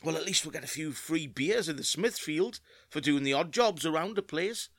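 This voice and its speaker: A man playing an excitable, scheming pub regular in a comedy audio play. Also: fairly high pitch, moderate pace, no room sound, clean studio sound. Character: scheming beer-loving British bloke, excitable.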